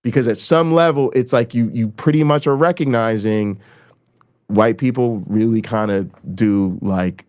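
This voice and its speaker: Delivered at a measured pace in a darkish voice, this impassioned political rant comes from a man addressing the camera on his own channel. He curses, repeats lines to drive them home, and alternates between loud emphasis and a quieter, lowered tone.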